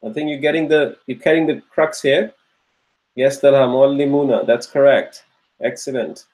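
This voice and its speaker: A man teaches a live online grammar lesson at normal speed, his medium-pitched voice slightly mellow. Patient and encouraging, he repeats drill questions and praises students by name as they give answers. The audio is poor.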